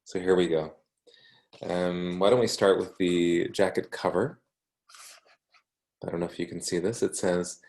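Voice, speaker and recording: A man from Canada with a Canadian English accent, reading a book aloud slowly for English learners, with ums and self-corrections. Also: low voice, darkish tone. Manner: slow, unhurried, with frequent ums and self-corrections. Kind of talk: casual read-aloud lesson for English learners.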